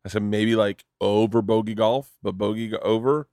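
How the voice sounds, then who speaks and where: A man's voice: fairly low pitch, steady tone, moderate pace, creaky, a little mellow, dry recording, studio quality. A man hosting a casual podcast chat, telling loose, profane stories. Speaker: podcast host.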